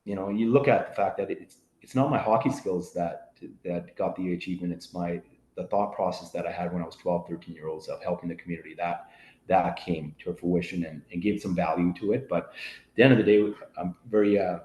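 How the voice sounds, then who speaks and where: A man's voice: deep voice, steady tone, brisk, a little mellow. A middle-aged man telling a story as a podcast guest, rambling with many fillers and acting out what his family said. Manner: rambling, full of fillers, acts out quoted family voices. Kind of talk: casual storytelling. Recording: roomy echo.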